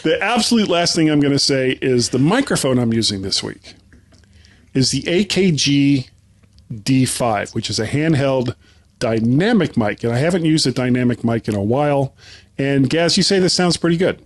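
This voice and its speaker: A man's voice: medium pitch, lively intonation, normal speed. A man hosting a podcast in casual chat, self-deprecating and chatty, laughing often. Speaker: podcast host.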